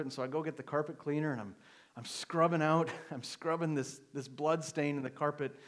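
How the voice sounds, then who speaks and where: A middle-aged male pastor telling a personal story in a sermon, moving from quiet confession to emphatic preaching. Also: on the high side.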